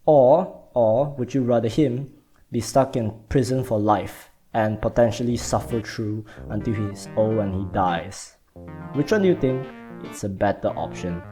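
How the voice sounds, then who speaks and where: A young man hosting a vlog, talking casually in an animated, rambling way and often repeating words. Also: fairly low pitch, measured pace, faint music behind. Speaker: vlog host. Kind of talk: casual explanatory vlog talk.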